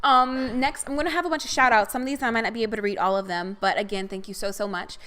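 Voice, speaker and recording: A woman's voice: on the high side, fairly even intonation, fast, sharp tone, clear, resonant tone. A young woman co-hosting a casual podcast, reading out viewer comments and chatting about them affectionately. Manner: chatty, affectionate, calls listeners "honey". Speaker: podcast co-host.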